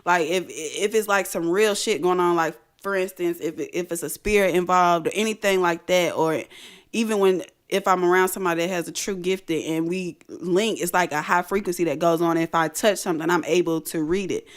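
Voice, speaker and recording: A woman hosting a radio show and telling a story in casual chat, animated and profane, often laughing. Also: fairly low pitch, fairly quick.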